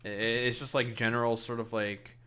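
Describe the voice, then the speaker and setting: A man from Canada with a Canadian accent chats casually while he plays a game on stream. His mid-range voice has little pitch movement and a bright, forceful, clean tone at normal speed. He rambles and swears in an offhand way.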